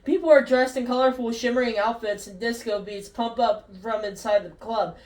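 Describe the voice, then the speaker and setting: A woman's voice: a little high, fairly even intonation, normal speed, darkish tone. A woman casually reading a comic script aloud, giggling and stumbling over words, in a roomy recording from a distance. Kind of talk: casual read-aloud storytelling. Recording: roomy echo, distant from mic.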